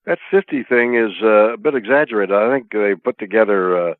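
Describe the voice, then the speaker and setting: An older man from Canada, a guest in an interview, talking in a halting, playful way with many drawn-out fillers over a phone line. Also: lowish voice, no echo. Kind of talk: casual interview chat. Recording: tinny dry phone line.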